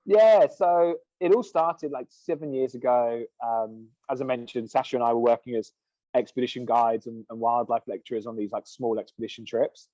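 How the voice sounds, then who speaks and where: A man's voice: medium pitch, moderate pace, no room sound. Aussie guy in his 30s rambling away, lots of likes and ums, muffled dead-dry recording. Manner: relaxed, rambling, heavy on "like" and "um". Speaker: guest, sunscreen company co-founder. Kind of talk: casual chat. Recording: dull, dry podcast recording.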